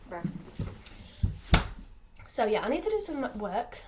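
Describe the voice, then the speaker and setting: Teen girl vlogger from England, highish voice, scattered casual rambling. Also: big pitch swings, takes it slowly, very noisy. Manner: chatty, scattered, lots of fillers and restarts. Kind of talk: rambling casual vlog chat.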